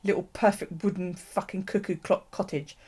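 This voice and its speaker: A woman's voice: lowish voice, fairly even intonation, normal speed, a little mellow, breathy edge. A British woman hosting a live stream from her craft desk at home, rambling casually with viewers and swearing freely. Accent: British English. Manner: chatty, swears casually, frequent ums and laughs.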